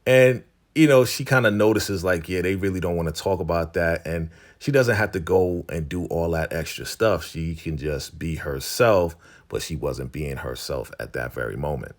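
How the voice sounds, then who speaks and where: A man with a low, deep voice recapping a TV episode in a relaxed, chatty way. He talks casually, with plenty of slang and filler words, like he's catching up with a friend. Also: moderate pace, hardly any pauses. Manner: laid-back, chatty, slangy retelling with many fillers. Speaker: TV recap host.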